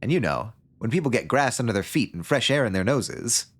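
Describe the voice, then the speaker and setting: A man voicing an excitable young male construction worker in an odd put-on accent. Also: mid-range voice, brisk, no echo, natural voice. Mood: excited.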